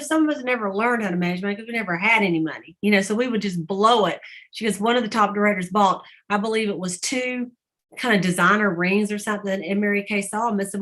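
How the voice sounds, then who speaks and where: On a group call with her sales team, a middle-aged team leader tells stories in a relaxed way, her mid-range voice a bit bright. She laughs and slips into quoted voices as she recounts them.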